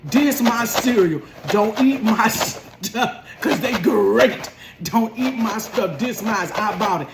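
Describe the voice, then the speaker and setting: A woman's voice: a little high, takes it slowly, over a noisy crowd, pitched above the performer's own voice. A woman doing a petty, whiny teenage boy. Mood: bossy. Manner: loud and indignant. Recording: roomy bedroom echo.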